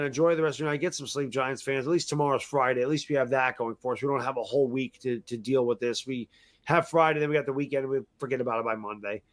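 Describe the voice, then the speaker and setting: A man's voice: medium pitch, fairly bright tone. A middle-aged man and football fan giving a frustrated, emphatic post-game rant, repeating himself often. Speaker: sports fan commentator.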